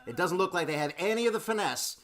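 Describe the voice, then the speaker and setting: A man's voice: high voice, animated, fast, a bit bright. A man narrating a tabletop role-playing game as game master, playful and laughing, with many fillers and restarts.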